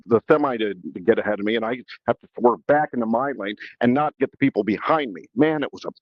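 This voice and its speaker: A man's voice: mid-range voice, lively intonation, fast, dry recording, muffled recording. A man hosting a podcast and telling a story in a casual, rambling way, with many restarts. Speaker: podcast host.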